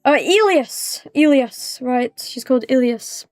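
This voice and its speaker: A woman's voice: high voice, expressive, unhurried, a little mellow, dry recording, studio quality, soft background music. A young British woman livestreaming, chatting with viewers in a rambling, teasing way and laughing easily. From Britain. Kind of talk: casual chat with live viewers.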